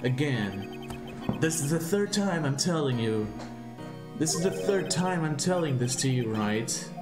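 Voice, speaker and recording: A man voicing a haunted young male prosecutor in a game, reading slowly and somberly. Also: fairly high pitch, animated. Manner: slow, somber confessional reading. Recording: roomy, with game music behind.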